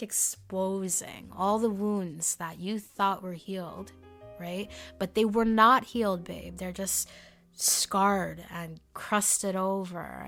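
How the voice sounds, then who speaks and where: A woman talking casually through book recommendations, rambling with fillers and self-corrections and dropping into soft whispered asides. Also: on the low side, creaky. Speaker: book review vlogger. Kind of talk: casual chat.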